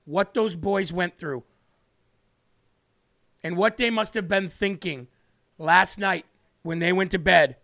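A man's voice: high-pitched, slow pace, long pauses, sharp tone. A man hosting a live stream, giving earnest, repetitive political commentary while tearing up. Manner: earnest, repetitive, tearful emphasis. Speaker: livestream host.

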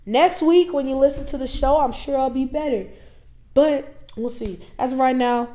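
A woman co-hosting a casual podcast, her voice hoarse and nasal from a cold, chatty and heartfelt. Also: high-pitched, normal speed. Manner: chatty, heartfelt sign-off with sports shout-outs. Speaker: podcast co-host.

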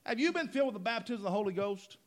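A man's voice: high voice, animated, very fast. A man preaching a sermon in church, emphatic, repeating phrases and asking the congregation if they follow.

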